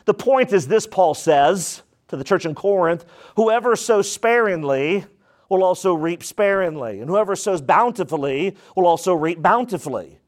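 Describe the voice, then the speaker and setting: A man preaching a sermon to his congregation, calling out to them for answers and swinging between low, intoned lines and high, excited ones. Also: moderate pace. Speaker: pastor.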